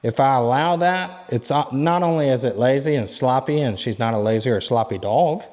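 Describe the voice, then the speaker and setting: A man working as a dog trainer, explaining steps plainly and giving short, quiet commands to a dog indoors. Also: mid-range voice, normal speed, in a large hall. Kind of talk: instructional training demo.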